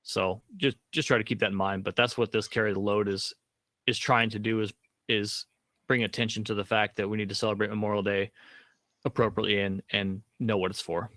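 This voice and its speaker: A man co-hosting a livestream chats about veteran topics with a low voice. He restarts words as he thinks and drops wry asides. The sound is close and dry. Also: level tone, brisk, a bit bright, no echo. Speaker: co-host of a veteran livestream show. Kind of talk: casual livestream chat.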